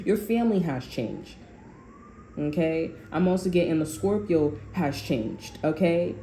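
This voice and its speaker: A woman's voice: low-pitched, unhurried. Blunt, profane woman reading tarot. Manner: blunt, profane, animated storytelling. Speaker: tarot reader. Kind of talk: casual tarot reading monologue. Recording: echoey room with faint ambient noise.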